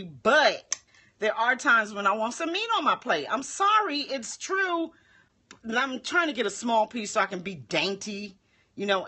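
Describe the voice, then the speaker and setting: Expressive female livestream cook, bouncy high-ish voice, chatty and animated. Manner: chatty and expressive, talks with her mouth full. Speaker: home cooking livestream host. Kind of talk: casual live cooking demo chat. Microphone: phone livestream.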